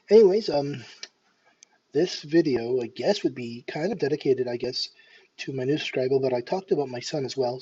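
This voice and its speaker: A man's voice: mid-range voice, warm tone, a little hiss or hum. A man in his thirties from Canada with a faint Scottish lilt, vlogging in a hesitant, self-deprecating way with many restarts. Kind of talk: casual nervous vlog monologue. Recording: dull lo-fi home recording.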